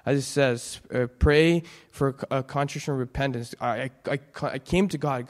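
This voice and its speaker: A young man giving an earnest, halting personal testimony in church, full of restarts. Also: medium pitch. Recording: long hall reverb.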